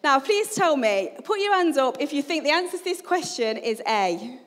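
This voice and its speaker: A woman's voice: high-pitched, big pitch swings, moderate pace, a bit bright, in a large hall. A woman giving a chatty, humorous sermon and asking the congregation questions. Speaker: preacher.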